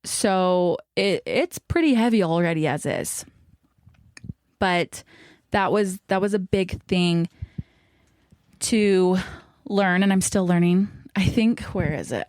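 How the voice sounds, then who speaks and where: Young woman, podcast host, casual chat, slightly out of breath, lowish voice, dead dry small space. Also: a little mellow, no room sound. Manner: chatty, upbeat, laughs often, says y'all. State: a bit out of breath. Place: small closet alcove under stairs.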